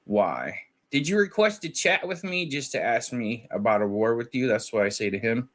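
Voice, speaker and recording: A man's voice: medium pitch, expressive, moderate pace. A man in casual podcast chat, animatedly retelling a conversation and acting out both sides of it. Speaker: guest recounting a call.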